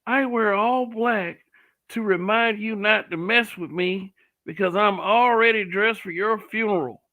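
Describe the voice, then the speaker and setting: A man putting on the voice of a melodramatic young woman, wailing in drawn-out mock crying. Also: high voice, bright, forceful tone, pitched above the performer's own voice, low-quality recording. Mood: mock tough. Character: sobbing, self-pitying young woman, melodramatic.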